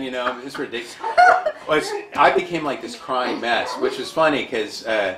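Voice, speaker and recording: A man guest on an interview show, animated and self-described dramatic, telling a personal story. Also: medium pitch, moderate pace. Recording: echoey room, faint background noise.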